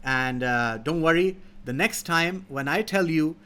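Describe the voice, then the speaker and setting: A man voicing a flattering, scheming male fox in a fable. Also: on the high side, a little slow, clean tone. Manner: fawning, sly.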